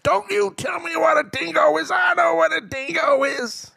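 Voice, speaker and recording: An Australian man voicing a brash, bossy man outside a juke joint, loud and insistent. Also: high voice, big pitch swings, a little fast, creaky, no echo, studio quality, voice pushed up, exaggerated voice. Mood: pushy.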